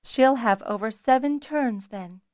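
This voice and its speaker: A woman reading a calm, frank mother who gives firm advice to younger women. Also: fairly high pitch, a little slow, no echo, clean studio sound, pitched above the performer's own voice, close to an everyday voice.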